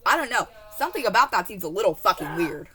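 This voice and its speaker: A woman's voice: mid-range voice, sing-song, quick pace, crowd noise. A teenage girl telling a school story in a casual vlog, rambling and swearing, with many fillers and asides. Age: teens.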